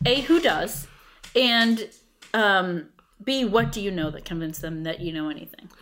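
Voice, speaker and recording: A woman co-hosting a casual podcast chat, skeptical and quick to sum up the other host's points. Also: medium pitch, lively intonation, a bit bright, a little hiss or hum. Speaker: podcast co-host.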